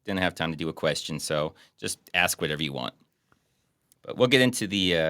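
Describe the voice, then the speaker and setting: Young male podcast host, laid-back and dry, low bright voice, dry room. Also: fairly quick, no echo. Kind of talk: casual chat reviewing a movie.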